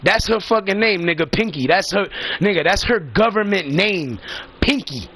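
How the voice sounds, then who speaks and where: Man, high-pitched, rambling and profane, emphatic casual storytelling. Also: expressive, moderate pace, a bit bright.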